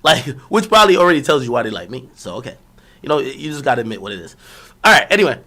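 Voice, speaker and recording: A man's voice: mid-range voice, big pitch swings, fast, pushed and bright. A young man streaming, telling a long personal story in a rambling, profane, slang-heavy casual way.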